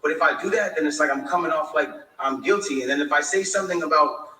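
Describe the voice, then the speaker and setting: A man's voice: on the high side, fast, sharp tone, distant mic. A man in a livestream monologue, defensively explaining his side at length. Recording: echoey room, away from the mic.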